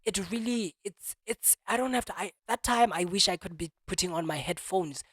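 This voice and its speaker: Young guy rambling animated to cam, lots of restarts, dry room. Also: high voice, normal speed, dry recording. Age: young adult. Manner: animated, many restarts and repeated words. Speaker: vlogger. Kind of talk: casual monologue.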